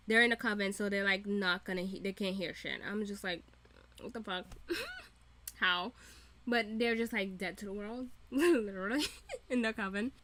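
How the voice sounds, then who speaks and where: A woman vlogger recapping a TV episode in a casual, profane, animated way, often breaking into laughter. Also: a little high. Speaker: reaction vlogger. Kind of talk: casual show recap and reaction.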